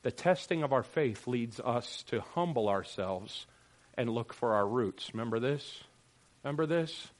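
A man preaching a sermon as pastor, swinging from loud emphatic lines to quiet, joking asides with his congregation. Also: mid-range voice, expressive, a little slow.

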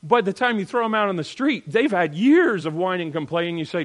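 A man preaching in a conversational Bible-teaching style, animated and direct, swinging between loud and hushed and often checking in with "all right?". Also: high-pitched, brisk. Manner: talks straight to listeners with frequent "all right?".

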